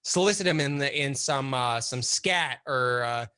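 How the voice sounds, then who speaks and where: A man guest telling a story in a casual, animated and profane way, with many fillers. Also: mid-range voice, normal speed, clear, resonant tone.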